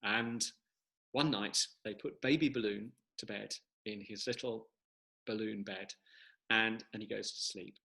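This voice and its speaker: A man speaks over a video call with a bright, forceful tone. His talk is casual and rambling, full of restarts, as he tells jokes at his own book launch. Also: fairly low pitch, steady tone, measured pace, vocal fry, low-quality recording. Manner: chatty, rambling joke-teller. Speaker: author.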